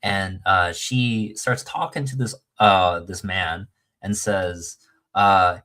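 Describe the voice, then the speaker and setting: A man's voice: low-pitched, fairly even intonation, slow pace, bright, forceful tone. A man telling a long story in casual chat, rambling with many fillers and restarts and acting out the quoted lines.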